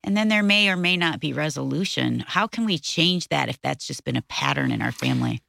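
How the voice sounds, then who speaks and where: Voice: mid-range voice, expressive, a little fast, vocal fry, sharp tone, no echo, clean studio sound. A podcast co-host asking the guest a follow-up question in a casual, engaged way. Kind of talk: casual interview chat.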